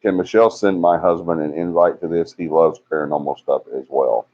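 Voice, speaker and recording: Speaking brisk and steady in a low register, this Alabama livestream host reads out what viewers write and jokingly ribs them. His stream comes through with dull, lo-fi audio.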